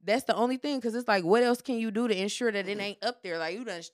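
A woman's voice: medium pitch, fast talker, dry recording, studio quality. Blunt, profane young woman storyteller. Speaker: anonymous podcast guest. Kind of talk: casual storytelling chat.

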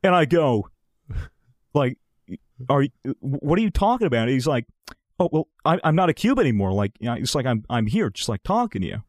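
Lively young man telling a story. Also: mid-range voice, a little fast, dry recording, clean studio sound. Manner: animated, swears a lot, acts out quotes. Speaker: podcast co-host. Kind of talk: casual chat, storytelling.

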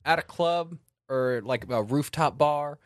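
A man's voice: a little high, a little slow, no echo. Casual joking man, dry close sound. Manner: relaxed, joking, swears casually. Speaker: co-host reviewing tequila. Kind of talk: casual chat.

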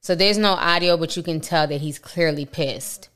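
A woman hosting a celebrity gossip commentary, retelling events and reading posts aloud in a measured, matter-of-fact way. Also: deep voice, fairly bright tone, smooth. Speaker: commentary channel host.

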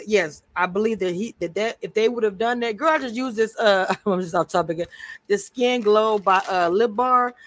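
A woman's voice: mid-range voice, normal speed. A woman co-hosting a casual recap chat over a video call, talkative and prone to drifting off topic with many restarts. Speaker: co-host.

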